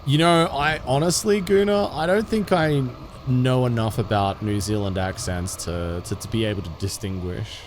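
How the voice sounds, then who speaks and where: This is casual live-stream chat from a man talking to viewers while gaming, his voice medium in pitch with a little hiss or hum in the audio. He's easygoing and rambling, often starting over and laughing quickly.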